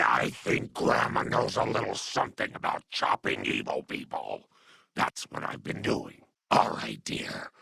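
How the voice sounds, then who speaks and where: Man voicing Lily Bowen, gravelly mutant grandma. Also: fairly low pitch, pushed and bright, no echo, clean studio sound, heavily acted. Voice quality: gravelly, raspy. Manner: doting, sing-song, calls everyone dearie. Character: kindly old grandmother super mutant, muddled and motherly. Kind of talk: video game voice dub.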